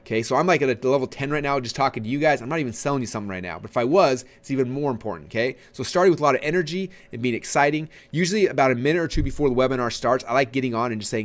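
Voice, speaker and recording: A man giving a casual webinar lesson on marketing, talking with lots of energy and letting his voice swing high and low for emphasis, with frequent fillers and restarts. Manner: energetic, fast, swooping pitch for emphasis. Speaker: marketing trainer.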